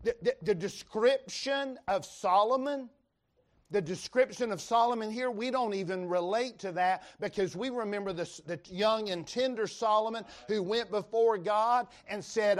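At a church revival service, a man with a Western North Carolina accent preaches a sermon in a folksy, emphatic style, reading scripture aloud to the congregation. His voice is high-pitched and his pace moderate.

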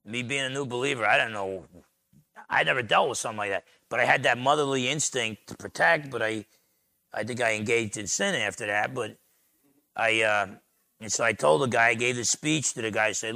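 Jersey pastor guy preaching, gravelly voice, kinda chatty storyteller, dry sound. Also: mid-range voice, brisk, dry recording. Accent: New Jersey. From New Jersey. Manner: storytelling, animated and conversational. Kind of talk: sermon.

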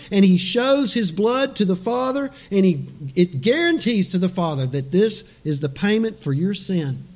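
A man preaching a sermon as pastor, animated and dramatic, dropping suddenly soft for emphasis. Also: sits high.

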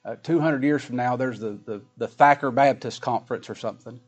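A middle-aged man preaching a sermon, folksy, swinging from loud emphatic scripture reading to quiet asides. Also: mid-range voice, a little fast, lo-fi sound. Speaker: pastor.

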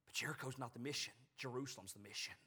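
A man preaching a sermon, swinging from loud, emphatic peaks down to hushed, slow lines, with repeated rhetorical phrases. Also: medium pitch, breathy edge. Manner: repetitive, rhetorical phrasing with "I mean".

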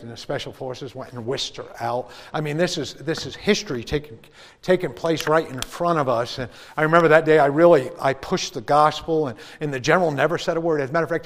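A man preaching a testimony sermon, swinging between loud preaching and hushed storytelling. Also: mid-range voice. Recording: reverberant hall.

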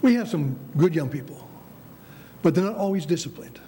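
An older American man preaches with a fairly high yet mellow, relaxed voice. He presses his points, restarts phrases and calls out "Amen?" to the congregation. A faint rumble of background noise sits behind him. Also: normal speed. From United States. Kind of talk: sermon.

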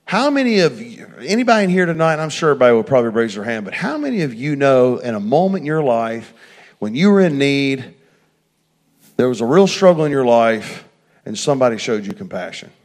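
A middle-aged man preaching a sermon, telling a personal story and swinging from hushed asides to loud, fervent passages. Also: mid-range voice, very animated, a little fast.

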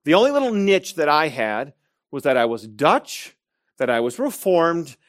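A man's voice: on the high side, big pitch swings, no echo. Emphatic man preaching a sermon, dry sound. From Michigan, USA. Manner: storytelling, emphatic with slow stressed phrases.

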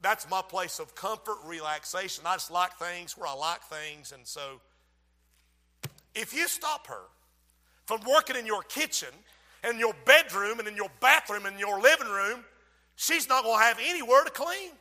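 Male pastor preaching, high voice, very bright tone, loud bursts and quiet asides, reverb of a church hall. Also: expressive, normal speed. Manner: preaching with sudden loud outbursts and hushed asides. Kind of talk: sermon.

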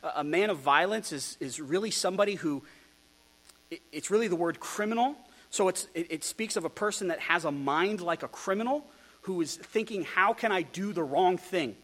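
A male pastor working through a sermon text, his voice sitting slightly high and ranging up and down with emphasis. He talks in an animated, rhetorical way and drops in ironic asides. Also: fairly quick. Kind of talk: expository sermon.

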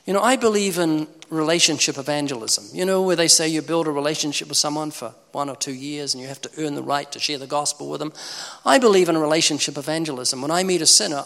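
Animated evangelist. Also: male voice, fairly high pitch. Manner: animated, humorous, acts out conversations. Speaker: evangelist speaker. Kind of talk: preaching talk with acted dialogues. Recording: echoey hall reverb.

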